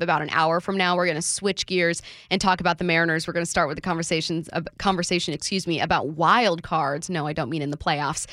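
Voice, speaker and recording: Bright-voiced woman co-hosting sports radio. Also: medium pitch, no room sound, clean studio sound. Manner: upbeat, steering the show. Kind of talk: sports talk radio banter.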